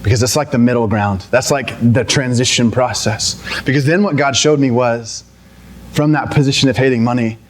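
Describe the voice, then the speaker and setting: A man's voice: mid-range voice, normal speed, a little hiss or hum. A young adult man preaching a sermon in a conversational way, often restarting and then climbing into emphatic, pleading passages. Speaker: pastor.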